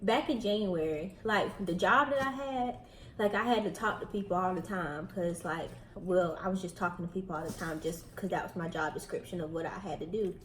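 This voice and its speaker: A woman's voice: fairly low pitch, brisk, reverberant, slight background noise, rough recording. Breathless Southern woman chatting to camera. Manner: chatty, addresses viewers directly. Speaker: vlogger host. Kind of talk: casual chat while eating.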